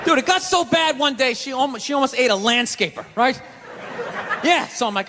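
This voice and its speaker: A man doing a stand-up routine, ranting in an animated, profane way. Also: very high-pitched, fairly quick. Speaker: stand-up comedian. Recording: live venue reverb with faint noise.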